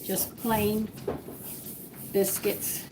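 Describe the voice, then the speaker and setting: A woman's voice: medium pitch, little pitch movement, extremely slow, background noise. A woman hosting a live cooking demonstration from her home kitchen, chatting to viewers as she works dough by hand. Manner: chatty, explains steps while working dough by hand. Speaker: home cooking show host.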